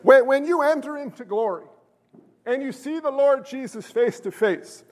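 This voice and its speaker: A pastor preaching a sermon, animated and jokey, bursting into shouted emphasis. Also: male voice, extremely high pitch, normal speed, long reverb tail.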